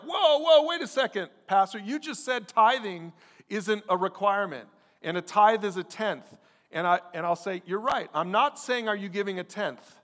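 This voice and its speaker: A man preaches to his congregation in a conversational, emphatic style, now and then voicing his listeners' objections. His voice sits fairly high for a man. The sound rings with the long reverb of a large church hall. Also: a bit bright. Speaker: pastor. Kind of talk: sermon.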